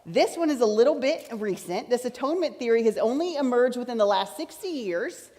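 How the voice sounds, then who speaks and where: A woman's voice: a little high, a little mellow. A woman preaching a teaching-style sermon, chatty and explaining, repeating her key points. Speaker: pastor. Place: large church sanctuary. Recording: church hall reverb.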